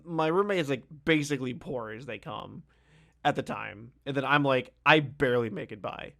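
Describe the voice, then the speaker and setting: A young man casually telling a story, animated, laughing and swearing as he goes. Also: mid-range voice, normal speed, gravelly. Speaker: streamer.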